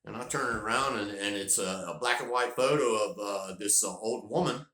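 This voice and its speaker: His voice sits on the low side and moves a little quickly as this North Carolina man tells a meandering, folksy vlog story. When excitement builds he repeats words. An echoey room colors the audio.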